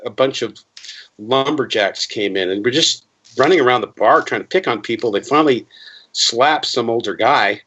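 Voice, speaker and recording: Man, 50s, interview guest, rambling, self-correcting, animated storyteller, muffled lo-fi sound. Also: mid-range voice, normal speed. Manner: rambling, with many restarts and fillers; animated, acting out quoted voices. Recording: dull lo-fi interview recording.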